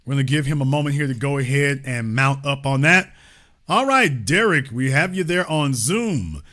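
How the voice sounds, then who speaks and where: A man's voice: medium pitch, lively intonation, moderate pace, bright, forceful tone. A man hosting a political call-in show, speaking emphatically and pressing his caller with pointed questions. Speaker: host.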